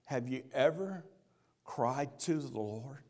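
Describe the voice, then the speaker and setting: A man's voice: mid-range voice, expressive, slow pace, a little mellow. A man preaching a sermon in church, earnest and repeating his key phrases.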